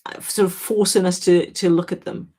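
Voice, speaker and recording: A woman from Wales hosts a casual live chat, answering viewers by name. Her voice is husky and breathy. She talks frankly and chattily, often breaking off and starting her sentences again. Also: on the low side, flat delivery, normal speed, warm tone. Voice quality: chatty, self-interrupting, frank. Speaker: livestream host.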